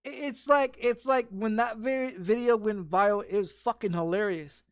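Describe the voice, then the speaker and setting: The speaker is a gaming streamer whose high voice moves at a moderate pace as he casually rants during play. Profane and rambling, he restarts and repeats himself constantly, and the recording is dry.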